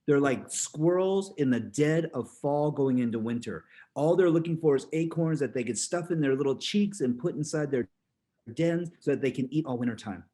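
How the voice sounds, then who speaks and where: A man giving a motivational talk, animated, laughing often and acting out voices in his stories. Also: on the high side, moderate pace. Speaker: motivational speaker.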